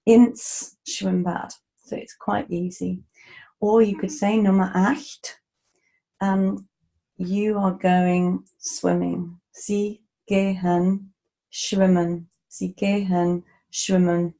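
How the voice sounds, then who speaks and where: Slow, mellow woman teaching. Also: medium pitch, rough recording. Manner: slow, patient explanations with casual asides and fillers. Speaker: German language teacher. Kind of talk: relaxed spoken language lesson.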